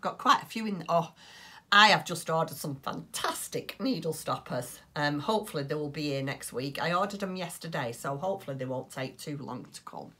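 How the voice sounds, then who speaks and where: A woman's voice: low voice, expressive, normal speed, sharp tone, slightly rough. A woman chatting casually on her craft podcast, rambling along with plenty of ums. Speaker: crochet and knitting podcaster.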